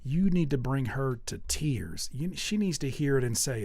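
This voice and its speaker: A man's voice: mid-range voice, normal speed, vocal fry, no echo. A man hosting a live music feedback stream, speaking bluntly and candidly, swearing freely and acting out little scenes. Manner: animated, acts out little scenes. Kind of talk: livestream song review commentary.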